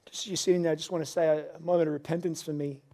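A middle-aged man preaching a sermon as pastor, earnest and confessional, rising to loud pleading. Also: fairly high pitch, flat delivery, racing. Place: church service.

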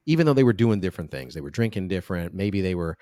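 A man hosting a podcast interview, speaking earnestly in a halting way with many restarts. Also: deep voice, very animated, warm tone, dry recording. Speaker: podcast host. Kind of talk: conversational interview.

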